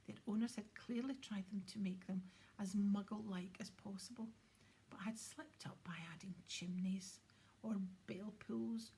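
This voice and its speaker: A woman reading an audiobook in a soft, hushed, breathy whisper. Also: medium pitch, steady tone, a little slow. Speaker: audiobook reader.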